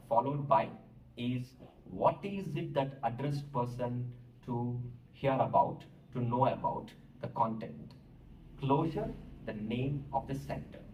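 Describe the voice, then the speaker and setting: A man's voice: mid-range voice, a little mellow. A man with an Indian English accent teaching an English writing lesson, explaining step by step and spelling words out letter by letter. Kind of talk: classroom lecture. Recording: roomy echo, distant mic, faint hiss.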